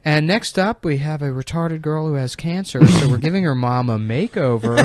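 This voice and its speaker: A man with a slightly high voice riffs crudely on a comedy podcast. His talk is loose and offhand, recorded dry and close with no room sound. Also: a bit bright, dry recording. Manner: crude riffing, slips into mocking voices. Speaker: podcast co-host. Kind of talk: casual comedy chat.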